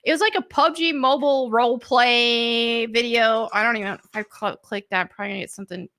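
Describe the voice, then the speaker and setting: A woman's voice: fairly high pitch, fairly even intonation, fast talker, a bit bright. A woman hosting a live stream, chatting casually and laughing often.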